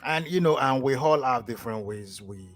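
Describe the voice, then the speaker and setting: A man's voice: mid-range voice, animated, moderate pace, faint music behind. Man co-host repeating himself as he thinks. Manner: warm affirmations, repeats phrases, hesitant restarts. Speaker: podcast co-host. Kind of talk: casual podcast chat.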